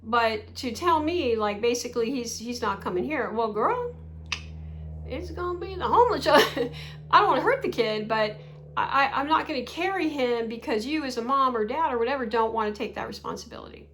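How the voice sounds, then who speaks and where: Chatty woman in her sixties, fairly high voice. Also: brisk, fairly bright tone, slight background noise. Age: 60s. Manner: chatty, rambling, with frequent laughs and rhetorical asides. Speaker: vlogger. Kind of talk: casual talking-to-camera chat.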